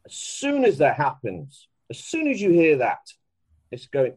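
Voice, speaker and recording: Emphatic man, slightly high voice. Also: a little slow, breathy edge, rough recording. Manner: emphatic and animated, with frequent laughs. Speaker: guest. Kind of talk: casual podcast conversation.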